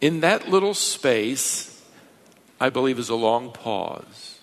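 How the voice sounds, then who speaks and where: A man preaching a verse-by-verse sermon as a pastor, emphatic, pushing his pitch and volume up to stress points. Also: animated, slow pace. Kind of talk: expository sermon. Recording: long reverb of a large hall.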